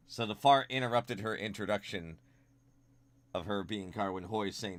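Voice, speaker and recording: A young man streaming from home, chatting casually with viewers while drawing, swinging between quiet mumbles and loud excited greetings. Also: fairly low pitch, normal speed, no room sound.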